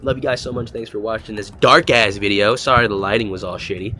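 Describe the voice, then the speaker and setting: A man's voice: lowish voice, steady tone, fast talker, sharp tone. Joking, profane man in his twenties, outdoors. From United States. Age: 20s. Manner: profane, loose and joking, full of "like" and "you know". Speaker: vlogger. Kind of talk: casual rambling monologue. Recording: noisy outdoor street ambience.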